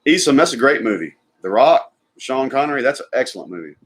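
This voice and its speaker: A man's voice: medium pitch, very animated, quick pace, breathy edge. A man, co-hosting a live stream and chatting casually about movies while reading viewer comments.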